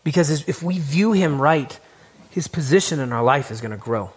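A man with a slightly high voice speaks casually to a church group. He keeps it loose and conversational, full of fillers. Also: expressive, moderate pace, breathy edge. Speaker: worship leader introducing a video. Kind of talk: casual introduction to a congregation.

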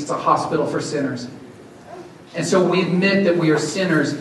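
Male pastor, sermon, earnest storyteller; slightly high voice, distant mic, very reverberant church hall with noise.

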